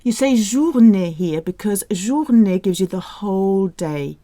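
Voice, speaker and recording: A woman teaching French, speaking with slow, clear enunciation on the example phrases. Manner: lively jumps in pitch on example phrases. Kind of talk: audio language lesson.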